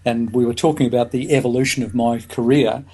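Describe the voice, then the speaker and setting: A man speaking as a guest on a podcast, pausing often and restarting his thoughts. His voice sits at a middle pitch for a man. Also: fairly even intonation, dark tone, husky. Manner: hesitant, full of "uh" fillers and restarts. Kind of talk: podcast interview.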